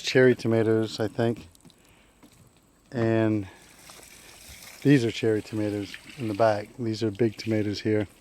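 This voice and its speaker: A man chatting casually in a video diary outdoors on his farm, with a relaxed manner. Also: mid-range voice, clean tone. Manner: relaxed, chatty, repeats "anyhow". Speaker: vlogger. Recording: outdoor camera audio with rain noise. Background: rain.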